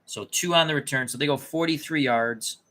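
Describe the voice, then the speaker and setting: A man's voice: a little high, brisk, sharp tone. A man casually thinking aloud as he plays a tabletop dice game, often muttering and correcting himself. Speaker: tabletop game player and channel host.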